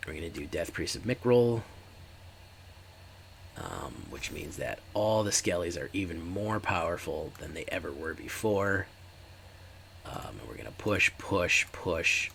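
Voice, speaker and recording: A man's voice: low-pitched, vocal fry, fairly bright tone, slight background noise. A man giving casual, chatty commentary while streaming a card game and talking to his live chat.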